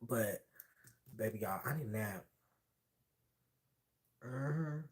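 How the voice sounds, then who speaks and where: A man telling a hookup story on a casual livestream, sassy and animated, acting out the voices of the people he quotes. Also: fairly low pitch, slow pace.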